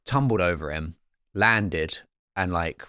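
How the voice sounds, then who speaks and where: A man's voice: low-pitched, lively intonation, takes it slowly, bright, forceful tone, clear, resonant tone, no room sound. A man co-hosting a comedy podcast, telling rambling anecdotes with self-corrections. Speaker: podcast co-host. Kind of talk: casual comedic chat.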